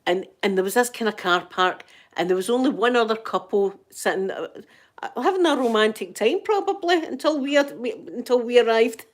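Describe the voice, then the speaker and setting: Lively Scottish woman telling tales. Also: a little high, brisk. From Scotland. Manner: animated, dramatic anecdotes with rambling restarts. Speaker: channel host. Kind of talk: casual storytelling chat.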